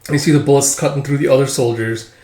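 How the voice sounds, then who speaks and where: A man casually reading through a manga aloud, excitable and animated, acting out the lines. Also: medium pitch, fast, echoey room. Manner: excitable, laughs often, acts out lines. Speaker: comic reader and commentator.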